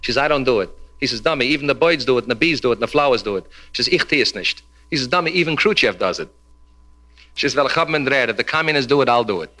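Very fast and expressive, a man's mid-range voice comes across pushed and bright as he does a club stand-up routine before an audience, poking fun at the crowd and brashly dropping Yiddish punchlines.

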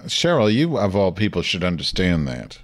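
A man's voice: low voice, normal speed. A man hosting a comedy show, telling rambling, crude stories in casual chat. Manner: rambling, crude and deadpan, with frequent fillers. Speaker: host.

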